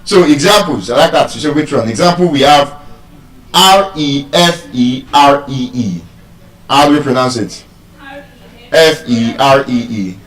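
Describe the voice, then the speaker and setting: A man's voice: medium pitch, unhurried, a bit bright, roomy sound, distant mic, low-quality recording. A man with a Nigerian accent giving a live stage lecture on pronunciation, quizzing the audience and spelling words out letter by letter. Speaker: public speaker teaching pronunciation.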